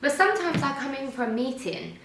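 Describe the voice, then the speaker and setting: A woman's voice: sits high, very animated, fairly quick. A woman hosting a casual chat, talking chattily with many fillers and frequent laughs. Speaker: host. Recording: roomy sound from some distance, faint background noise.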